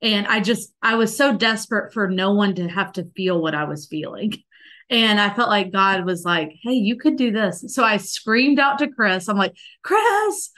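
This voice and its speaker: A woman in her thirties speaks as a podcast guest. She tells her story in an earnest, tender way, with plenty of "like" fillers. Her voice sits at an ordinary middle pitch. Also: fairly bright tone. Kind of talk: heartfelt conversational storytelling.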